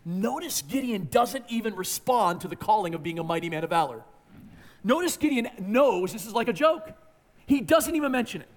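A man preaching a sermon, emphatic, swinging from hushed lines to near-shouting. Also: sits high, lively intonation, moderate pace. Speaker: pastor.

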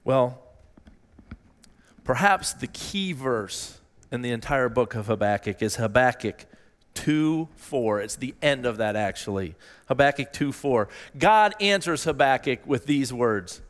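Earnest pastor in a reverberant hall. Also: male voice, lively intonation, a little slow. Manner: earnest, repeats phrases, rises in pitch when voicing pleas. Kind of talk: sermon. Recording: long reverb in a large hall.

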